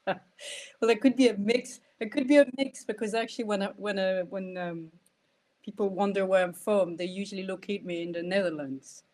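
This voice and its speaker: A woman's voice: mid-range voice, moderate pace, a little mellow. A French-born woman with a Scottish accent tinged with Irish, talking as a guest in a hesitant, restarting way with frequent laughter. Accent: Scottish with French and Irish traces. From France. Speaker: guest, nonviolent communication trainer. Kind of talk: casual conversation.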